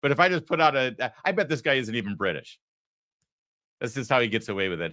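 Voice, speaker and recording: A man's voice: medium pitch, sing-song, fast, bright, forceful tone, dry recording. A man hosting a political talk show, talking with sarcastic, mocking asides from a studio. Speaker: host.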